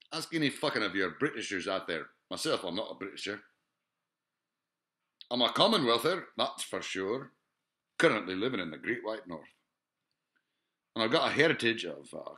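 Rambling, swearing man, forceful voice. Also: fairly low pitch, sing-song, moderate pace, pauses often. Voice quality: profane, rambling, lots of filler sounds. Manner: digressive, musing, asks rhetorical questions. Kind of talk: rambling monologue to camera.

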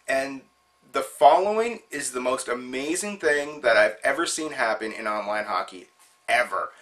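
Bright-voiced man telling a story. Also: medium pitch, moderate pace. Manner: amused, chatty, animated storyteller. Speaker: show host. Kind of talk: casual storytelling monologue.

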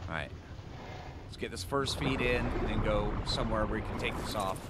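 A man giving casual commentary over his own gameplay, excitable and joking at himself, chatting to the creatures he meets. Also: lowish voice, a little fast, very noisy. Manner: excitable, talks to the creatures, self-mocking asides. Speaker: gaming video host.

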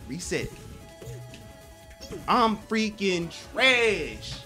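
A young man streaming a fighting game, talking to chat in an excitable, self-deprecating way. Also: high voice, slow pace, pauses often, soft background music. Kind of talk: casual gaming commentary.

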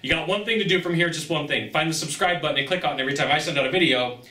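A man's voice: fairly high pitch, racing, bright, forceful tone. A man coaching salespeople straight to camera, talking with lots of energy and acting out exchanges between buyer and seller. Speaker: sales trainer. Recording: roomy sound, mic at a distance.

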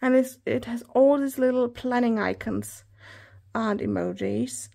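A woman in her thirties chatting through an unboxing haul, gushing and excitable, often talking straight to her viewers. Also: fairly high pitch, a little slow, creaky. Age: 30s. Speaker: planner hobby vlogger.

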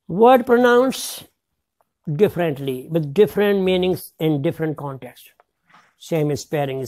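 A man's voice: high-pitched, a little mellow. A man giving a lecture to teachers, stressing words and spelling them out letter by letter. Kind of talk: classroom lecture.

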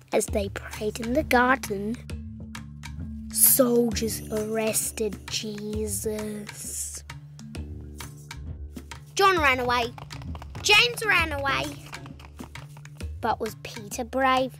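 A woman's voice: on the high side, lively intonation, slow, long pauses, music in the background. A woman narrating a children's Bible story with dramatic delivery and whispered asides.

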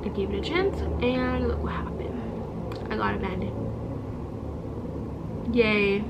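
A woman vlogger telling a story in a casual, animated and exasperated way, demonstrating with objects as she goes. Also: mid-range voice, unhurried, creaky, heavy background noise. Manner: demonstrates with objects while talking.

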